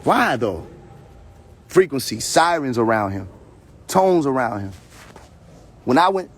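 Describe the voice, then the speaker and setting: Slow and given to long pauses, the man's medium-pitched voice swings widely, with a little hiss or hum in the audio. He's hosting a live stream from his phone, ranting heatedly in a preachy, confrontational way full of profanity and repeats.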